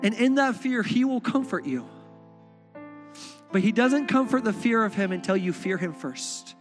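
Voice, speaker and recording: A man preaching a sermon as pastor, impassioned, swinging between hushed tones and shouting. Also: sits high, animated, normal speed. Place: church stage. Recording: music under, reverberant hall.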